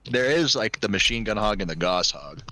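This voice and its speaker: A man's voice: on the low side, expressive, a little fast, sharp tone. A man running a tabletop role-play game as game master, narrating in a casual, crude, joking way.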